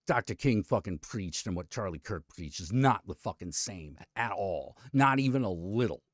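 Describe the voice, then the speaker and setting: A man's voice: low voice, expressive, normal speed, no room sound, clean studio sound. A man hosting a live stream, talking casually with blunt, profane commentary and chatting to his cat. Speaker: streamer host.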